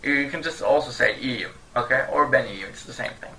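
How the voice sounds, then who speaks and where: A man whose first language is Turkish, teaching an online language lesson in a cheerful way, often laughing and repeating phrases slowly for learners. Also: medium pitch, gravelly, bright, forceful tone, rough recording.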